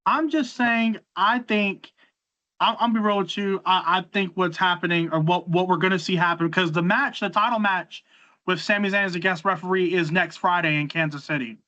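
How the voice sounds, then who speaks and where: A man with a high, bright, forceful voice hosts a casual podcast, recapping wrestling shows at normal speed. He rambles through the events, restarting often and repeating words. The lo-fi recording sounds slightly dull.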